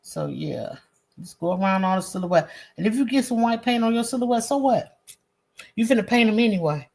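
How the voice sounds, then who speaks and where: Her voice is a little high, gravelly yet slightly mellow, with lively intonation at a moderate pace. She's an art teacher running a live-streamed painting lesson, chatty and encouraging as she addresses viewers directly and banters with the chat in a slangy, friendly style.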